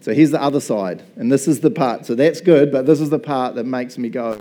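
A male pastor preaching a sermon in a casual, joking, animated way. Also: mid-range voice, fairly quick, hardly any pauses, slight background noise.

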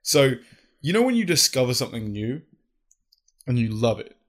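A young man co-hosting a casual podcast, animated and laughing, swearing freely. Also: medium pitch, normal speed. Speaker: podcast co-host. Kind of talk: casual chat.

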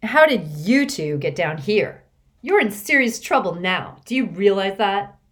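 A woman's voice: mid-range voice, sing-song, a little slow, darkish tone. A woman voicing a haughty, scheming teenage girl enforcer who sneers and snarls at the children.

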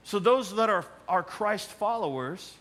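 Bright, high-voiced man preaching a sermon. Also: expressive, a little slow. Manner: emphatic preaching, swinging between loud challenges and quiet asides. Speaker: pastor.

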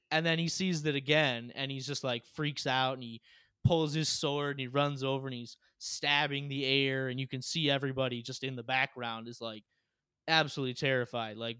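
A man co-hosting a casual chat, retelling scenes in an animated way with lots of filler words. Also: mid-range voice, normal speed, clean tone, no echo, clean studio sound. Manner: animated storytelling, frequent "like" fillers.

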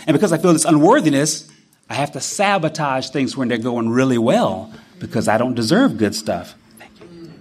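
A middle-aged man tells his own story in an earnest, emotional way, stopping and restarting his sentences. His voice sits a little higher than most men's. He speaks with open feeling. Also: darkish tone, breathy edge. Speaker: recovery speaker. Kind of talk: personal testimony talk.

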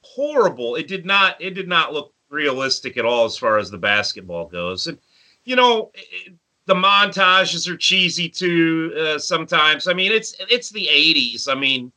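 Bright guy in his 40s, chatty storyteller, little high. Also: sing-song, moderate pace. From grew up in the countryside. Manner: storytelling, acts out friends' voices. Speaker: podcast co-host. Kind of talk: casual movie chat.

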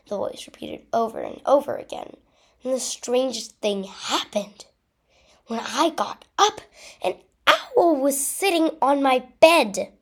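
A woman narrating her own first-person adventure story in a storybook reading. She reads slowly and expressively. Her voice sits a little high, with a gravelly fry. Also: expressive.

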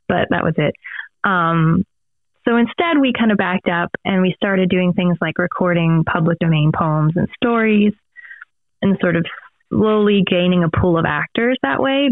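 A woman's voice: fairly low pitch, dry recording. A woman guest on a podcast, talking casually and rambling through tangents with lots of fillers. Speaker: podcast guest, audio theater director. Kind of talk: casual interview chat. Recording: phone-like dry remote line.

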